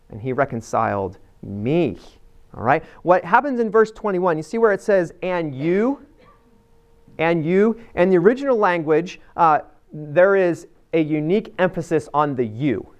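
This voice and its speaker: A man teaching a Bible passage to a group in a conversational, emphatic way, often checking in with "right?" and using fillers. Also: on the high side. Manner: addresses a live group directly.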